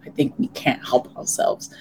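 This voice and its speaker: A woman co-hosting a casual faith discussion, an animated storyteller who acts out the voices she quotes. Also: moderate pace, a little hiss or hum.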